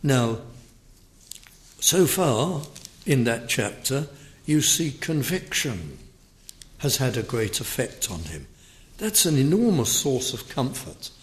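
A man's voice: medium pitch, big pitch swings, takes it slowly, long pauses. A man teaching through a Bible passage verse by verse, explaining words and reading scripture aloud with emphasis.

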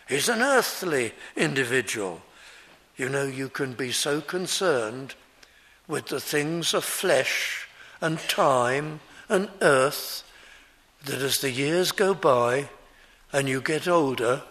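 A male preacher giving an expository sermon, explaining a scripture passage verse by verse in an earnest, measured way. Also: on the high side, a bit bright.

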